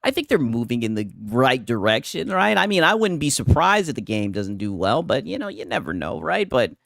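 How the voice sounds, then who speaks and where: His mid-range voice is creaky and fairly quick, in a dry, studio-quality recording. He rants casually and profanely about games on a live stream, staying animated and repeatedly asking "right?".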